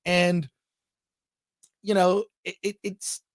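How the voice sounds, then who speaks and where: A man's voice: sits high, level tone, drawn-out words, no echo. Give me an enthusiastic man reviewing a film in casual chat, with a dry, close sound. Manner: enthusiastic, rambling, thinks aloud. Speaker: film review show host.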